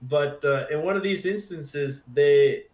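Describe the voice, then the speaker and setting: A young man co-hosting a casual game stream, telling stories and slipping into quick character voices. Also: a little high, reverberant. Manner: animated storyteller, does quick character voices. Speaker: gaming co-host. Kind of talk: casual chat over gameplay.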